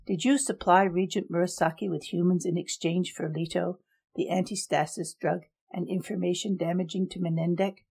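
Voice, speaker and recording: A woman voicing a cold young male emperor who speaks in measured, formal decrees in a storybook reading. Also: on the low side, steady tone, darkish tone, slightly rough.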